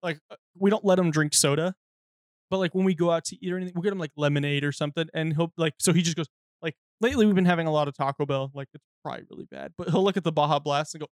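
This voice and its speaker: Fast-talking animated young man. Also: fairly high pitch, dry recording, studio quality. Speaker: podcast co-host. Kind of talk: casual chat.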